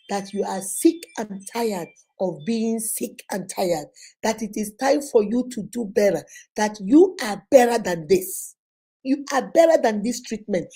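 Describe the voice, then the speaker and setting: A woman's voice: medium pitch, warm tone, breathy edge. A middle-aged woman hosting a relationship advice talk, passionate and preachy, repeating lines for emphasis. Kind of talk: live advice talk to viewers.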